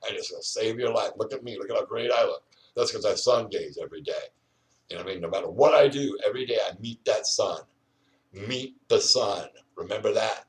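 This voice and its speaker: A man's voice: on the low side, fairly quick, distant mic. An older man rambling and ranting outdoors, full of "you know" fillers. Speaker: vlogger.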